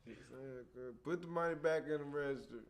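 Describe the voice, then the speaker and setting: A man's voice: a little high, fairly quick, creaky. A middle-aged man co-hosting a gaming livestream, trading dry, teasing wisecracks in casual profane chat.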